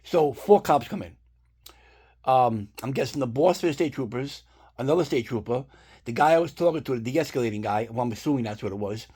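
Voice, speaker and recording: A man's voice: medium pitch, husky. A man rambling through a casual storytime, swearing often as he retells events. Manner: rambling, profanity-laced, animated retelling. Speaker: vlogger telling a story.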